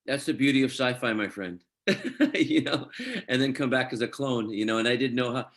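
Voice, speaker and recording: A man's voice: mid-range voice, fairly quick, a bit bright. A middle-aged man from Scotland, an actor telling chatty anecdotes in an interview. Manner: chatty anecdotes, quotes others, laughs easily. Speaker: actor guest. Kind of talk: casual interview storytelling.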